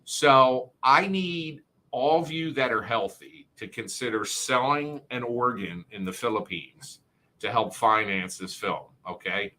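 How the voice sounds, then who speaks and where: A man with a South Jersey accent chats loosely on a livestream, wandering from topic to topic and reading out viewer comments. His voice is bright and forceful, pitched in an ordinary middle range. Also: expressive, measured pace. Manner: rambling, profane, reads chat comments aloud. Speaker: filmmaker hosting a livestream. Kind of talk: casual livestream chat.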